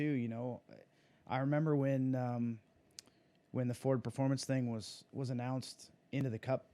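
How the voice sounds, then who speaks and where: A man's voice: mid-range voice, mellow. A man talking casually as an interview guest, a racing driver who rambles with many fillers and restarts. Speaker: guest, sprint car driver.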